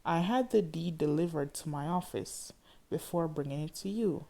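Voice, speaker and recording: A woman reading the lines of a tender, apologetic man in an audiobook, in a soft, pleading way. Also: sits low, normal speed, gravelly. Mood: explaining.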